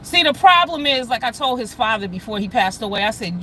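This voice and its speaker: A woman ranting on a casual livestream, blunt, loud and profane, talking straight to her viewers. Her voice is bright and cutting, with faint traffic noise behind her. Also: mid-range voice, a little fast, hardly any pauses, low-quality recording. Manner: addresses chat viewers directly. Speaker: live streamer.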